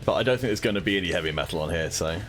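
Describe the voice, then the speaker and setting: Playful low-voiced male streamer. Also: rapid-fire, a bit bright, soft background music. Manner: playful, laughs often. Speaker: streamer and co-host. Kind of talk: casual live-stream chat.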